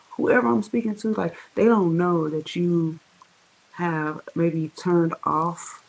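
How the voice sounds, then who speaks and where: A tarot reader giving a casual, profane reading in slang, talking straight to the viewers and drawing words out slowly for emphasis. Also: mid-range voice, steady tone, vocal fry, low-quality recording. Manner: slangy, profane, chatty, addresses viewers directly.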